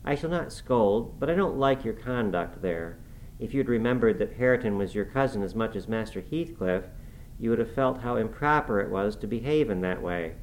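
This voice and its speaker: Man voicing a middle-aged housekeeper woman, earnest, gently scolding, lowish voice, storybook. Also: expressive, normal speed, a little hiss or hum, low-quality recording. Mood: reproving.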